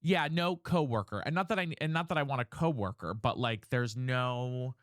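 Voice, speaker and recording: Guy streaming, just chatting, earnest and searching, lots of restarts, clean smooth voice. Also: medium pitch, normal speed, fairly bright tone, dry recording, clean studio sound. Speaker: livestreamer. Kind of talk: candid casual chat on a livestream.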